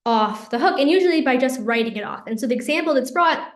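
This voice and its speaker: A woman teaching a religious class, earnest and explaining step by step, slowing down for key phrases. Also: high voice, animated, echoey room. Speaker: Torah teacher.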